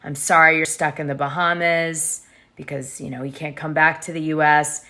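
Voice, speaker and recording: Bright-voiced woman dishing gossip. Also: deep voice, flat delivery, moderate pace. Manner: chatty, conspiratorial gossiping. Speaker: gossip show host. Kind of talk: casual reality TV recap.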